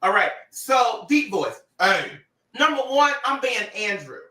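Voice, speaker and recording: Bright, animated man talking on a livestream. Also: very high-pitched, a little slow, reverberant, recorded from a distance, rough recording. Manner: animated and sassy, laughing often. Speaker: social media personality on a livestream. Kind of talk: casual livestream talk to followers.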